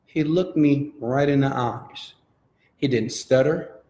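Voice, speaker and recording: A man from Houston, Texas, speaking as a motivational speaker, tells a dramatic personal story, acting out the dialogue and putting direct questions to the audience. His mid-range voice is slow and dark in tone, with a roomy sound.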